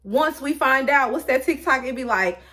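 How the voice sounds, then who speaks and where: A woman vlogger talking candidly to her viewers in a chatty, animated way, full of fillers and restarts. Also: high voice, moderate pace. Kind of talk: casual personal talk to camera.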